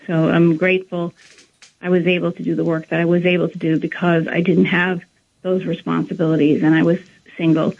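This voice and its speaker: A woman's voice: fairly low pitch, level tone, fairly quick, gravelly. A woman, around her thirties, tells a personal story as a guest in an earnest, rambling way, often acting out the dialogue she quotes. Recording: narrow phone-like line.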